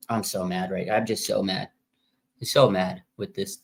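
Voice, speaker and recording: A man's voice: on the low side, normal speed, a bit bright, slight background noise. A young man, a fan streamer, venting in a casual live-stream rant, repeating himself and calling out "man" and "dude".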